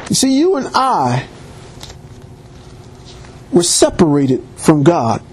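A man's voice: fairly high pitch, slow, a little hiss or hum. A man preaching a sermon with emphatic rises and restarts. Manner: animated preaching, rising emphatic peaks.

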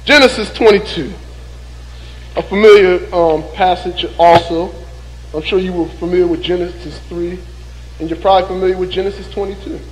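A male preacher giving a sermon and reading scripture slowly and deliberately, with folksy joking asides to the congregation. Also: high voice, fairly even intonation, long reverb tail, rough recording. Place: church.

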